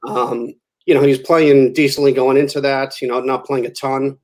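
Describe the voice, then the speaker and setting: Relaxed male golf pro co-hosting. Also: medium pitch, moderate pace. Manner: relaxed, hesitant, many fillers. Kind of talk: casual sports talk.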